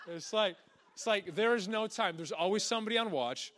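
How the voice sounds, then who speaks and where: A young man preaching a sermon, energetic and chatty, laughing often and dropping into a soft low voice to act out quotes. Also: normal speed. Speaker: pastor.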